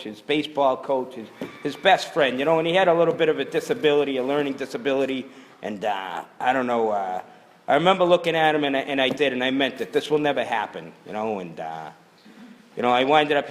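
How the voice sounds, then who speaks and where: A man's voice: mid-range voice, in a large hall. A middle-aged man telling his recovery story at a meeting, blunt and rambling, full of "you know.". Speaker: speaker sharing recovery story. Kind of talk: personal testimony at a recovery meeting.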